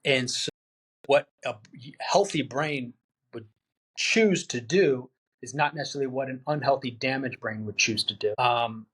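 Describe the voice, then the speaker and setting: There's a husky, fairly bright quality to this man's medium-pitched voice, and he speaks a little slowly. As a veteran podcast guest in a candid interview, he is earnest and plain-spoken, imitating his friends' words while telling the story.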